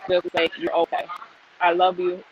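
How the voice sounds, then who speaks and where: A woman's voice: on the low side, completely flat delivery, normal speed, slight background noise. A woman speaking as the aunt of a missing woman, making a tender, pleading appeal over a choppy video call. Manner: tender, pleading, soft-spoken. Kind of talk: emotional personal appeal. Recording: dull lo-fi video call line.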